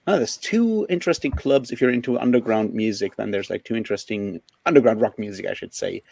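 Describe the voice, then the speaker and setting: A man chats casually, his voice gravelly with fry. He hesitates and fills gaps with ums, and the sound is dry and close. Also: fairly low pitch, quick pace, a little mellow, dry recording. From Germany. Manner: hesitant, many ums, laughs often. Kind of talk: casual chat.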